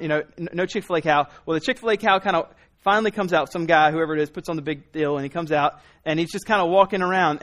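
A man in his thirties preaching a sermon, telling a family story in a loose, conversational way with frequent restarts. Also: sits high. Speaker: pastor.

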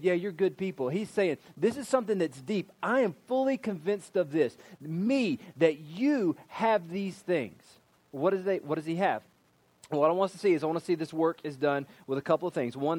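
Fairly high-voiced male pastor preaching. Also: a little mellow, no echo. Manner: emphatic, explanatory preaching with scripture reading. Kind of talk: sermon.

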